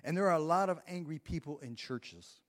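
A man's voice: fairly high pitch, expressive, fairly quick. Preacher man in a reverberant hall. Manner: conversational preaching, reads scripture aloud, chuckles. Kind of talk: sermon. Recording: long reverb of a large hall.

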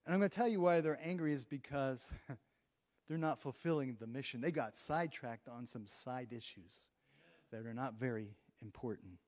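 A man's voice: medium pitch, a little mellow. A man preaching a sermon in a conversational way, reading scripture aloud between his own remarks. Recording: long reverb of a large hall.

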